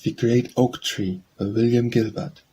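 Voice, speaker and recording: A man reading poetry aloud for an audiobook in a measured, steady recitation. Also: medium pitch, slight background noise, poor audio. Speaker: audiobook narrator.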